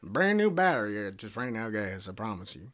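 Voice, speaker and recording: A man's voice: fairly low pitch, big pitch swings, brisk, fairly bright tone. A man with a Southern US accent making a prank phone call, rambling, bumbling and cursing as he talks. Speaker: prank caller.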